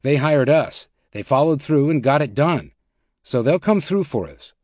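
A man's voice: a little high, lively intonation, a little slow, darkish tone, no echo, studio quality. A man voicing an impatient, stubborn male bank chief who insists on his point. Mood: insistent.

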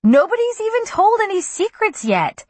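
Grudging teen boy, woman reader, breathy, dry. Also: on the high side, sing-song, measured pace, a bit bright, dry recording, full character voice. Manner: grudging, defensive. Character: reluctant, cornered teenage boy.

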